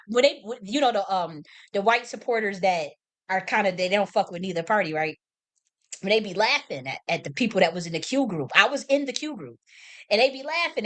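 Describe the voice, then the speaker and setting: A woman's voice: on the high side, fairly bright tone. An American woman hosting a livestream, talking off the cuff in a blunt, profane, impassioned way, rambling and restarting her sentences. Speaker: livestream host. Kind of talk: unscripted livestream monologue.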